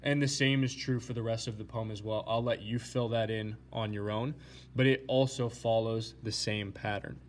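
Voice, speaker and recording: A man teaching a recorded lesson, explaining slides step by step in a plain, steady way with some fillers. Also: on the low side, normal speed, slight background noise.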